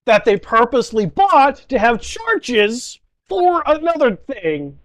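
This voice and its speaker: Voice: medium pitch, sing-song, takes it slowly. A laid-back, teasing game master narrating a tabletop game, laughing often.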